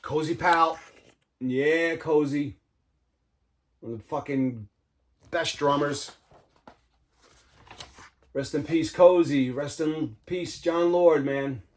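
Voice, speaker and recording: A man's voice: a little high, takes it slowly, long pauses. A man, casually talking viewers through his record collection, enthusiastic and loose, saying "man" and "all right" a lot. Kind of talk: casual show-and-tell vlog.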